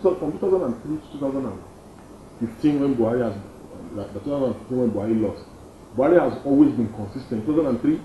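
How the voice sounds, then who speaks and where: A young man with a Nigerian accent, an activist answering interview questions emphatically and repeating his points. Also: quick pace. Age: young adult. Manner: emphatic, repeats points, lively pitch swings. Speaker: activist guest. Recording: dull roomy studio sound, faint noise.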